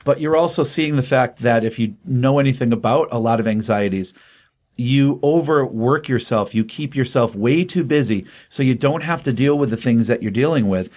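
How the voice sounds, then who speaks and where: An older man talks through a comic book story in a loose, rambling way, with plenty of fillers along the way. His voice sits at a middling pitch, and he sounds earnest and open about his feelings. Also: moderate pace, darkish tone. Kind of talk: casual comic book review.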